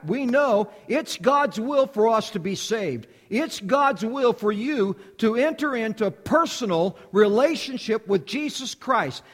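A man preaching a sermon in a high, lively voice that climbs and falls as he drives each point home. He hammers on repeated phrases. His voice trails into the long reverb of a church hall. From United States. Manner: emphatic, repetitive preaching cadence. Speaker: preacher, missionary.

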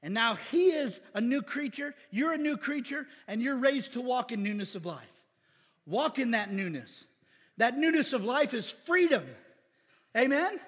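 A man pastor preaching a casual, animated sermon in a church, with shouted bursts. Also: extremely high pitch, husky, long reverb tail. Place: church sanctuary.

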